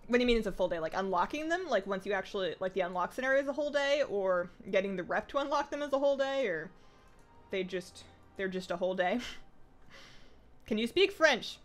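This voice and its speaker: A woman with a Canadian accent chats casually with her viewers while she plays a game on stream. She talks very fast and keeps up a running, chatty commentary, with a voice pitched in the middle range for a woman. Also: expressive, faint music behind. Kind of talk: casual live-stream chat while gaming.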